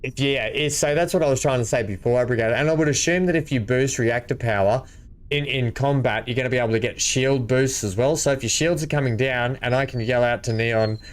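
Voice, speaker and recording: A man streaming a multiplayer game from home, excitable and chuckling as he plays and chats. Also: mid-range voice, brisk. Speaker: gaming streamer. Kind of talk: casual multiplayer gameplay chat. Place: home room.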